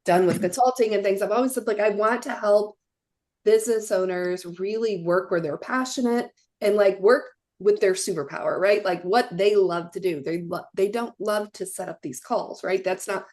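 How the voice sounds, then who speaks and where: A woman's voice: mid-range voice, moderate pace, darkish tone. A woman consultant and guest in a casual live-stream interview. She talks in a chatty, enthusiastic way, full of "like"s.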